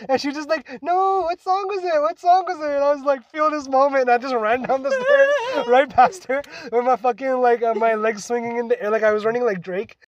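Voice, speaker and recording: A man's voice: very high-pitched, a little fast, hardly any pauses, dull audio. A young man from Toronto, co-hosting a podcast and telling a long story in casual chat, swearing often and tagging lines with "right?". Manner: rambling storyteller, heavy swearing, frequent "like" and "right?". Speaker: podcast co-host.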